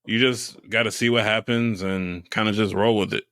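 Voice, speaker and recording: A man's voice: lowish voice, steady tone, moderate pace, a bit bright. A man co-hosting a podcast in casual chat, laid-back, swearing freely and laughing often, on a close dry mic. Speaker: podcast co-host.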